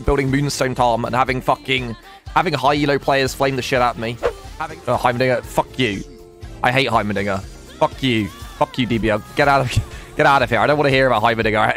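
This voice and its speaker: A man's voice: fairly high pitch, a bit bright. A young man streaming a video game, commentating casually, swearing and laughing as he talks to chat and teammates.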